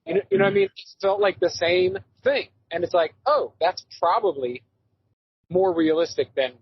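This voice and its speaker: A man co-hosting a podcast, animated in casual chat and swearing freely. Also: sits high, moderate pace, vocal fry, slightly rough, dry recording, dull audio. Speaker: podcast co-host.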